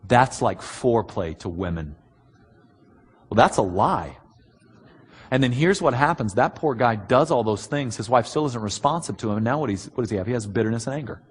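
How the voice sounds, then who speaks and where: Husky blunt preacher man in a hall. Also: medium pitch, lively intonation. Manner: earnest and blunt, many "um" pauses. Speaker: pastor. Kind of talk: sermon answering written questions. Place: large church hall. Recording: long hall reverb.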